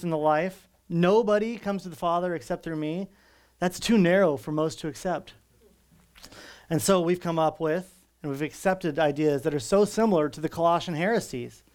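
A middle-aged man preaching a sermon, earnest and emphatic, slowing down on key words and at times moved close to tears. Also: fairly high pitch, clear, resonant tone. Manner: earnest, emphatic preaching with slow dramatic pauses. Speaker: pastor.

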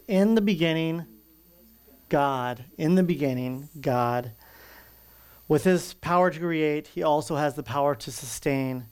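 A man delivers an earnest sermon, leaning hard on key words with slow, deliberate pauses. His voice sits a little high for a man. He sounds middle-aged and is audibly moved as he preaches. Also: a little mellow. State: moved to tears at times. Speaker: pastor.

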